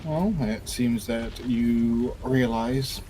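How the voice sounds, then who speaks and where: A man voicing a stern, indifferent male adventurer, speaking slowly and deliberately. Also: mid-range voice, warm tone, slight background noise, rough recording. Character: cold, stern male adventurer upholding the law.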